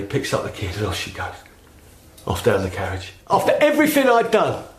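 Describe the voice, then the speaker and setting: A man's voice: medium pitch, lightly acted. A man acting a sober former thief, defensive and proud, who talks hesitantly with stumbling restarts. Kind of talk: audio drama acting. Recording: roomy echo.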